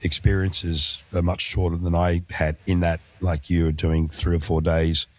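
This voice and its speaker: Deep-voiced man hosting a travel interview. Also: level tone, no room sound. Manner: reflective, measured, with fillers. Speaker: interview host, former tour guide. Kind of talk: conversational interview.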